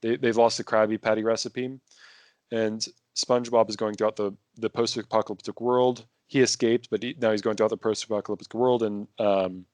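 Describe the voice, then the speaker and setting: Man, lowish voice, dry close sound, casual rambling podcast talk, lots of fillers. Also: level tone, fairly quick, a little mellow, no echo. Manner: rambling, many restarts and fillers. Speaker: podcast guest. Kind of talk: casual conversation.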